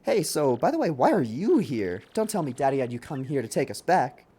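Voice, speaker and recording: A man voicing a bubbly young newlywed woman while reading game dialogue aloud in a high, chirpy put-on voice. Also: sing-song, a little fast, mellow, breathy edge. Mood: chatty.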